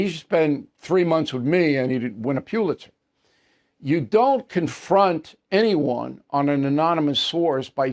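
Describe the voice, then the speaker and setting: A man in his seventies with an American accent hosts a news commentary show, answering viewer mail in a blunt, emphatic, dismissive manner. His voice is slightly high and slightly mellow.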